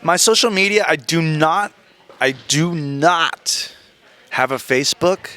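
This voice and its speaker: Brief: male interview guest, high-ish bright voice, animated storyteller who mimics others. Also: slow.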